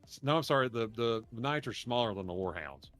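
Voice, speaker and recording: A man's voice: mid-range voice, expressive, fairly quick, a bit bright. A man with a drawl tells a long, meandering story on a podcast. He swears freely, restarts his sentences and laughs at his own tale. Faint music sits in the background. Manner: rambling, profane, laughs while telling stories. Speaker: podcast co-host. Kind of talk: casual storytelling chat.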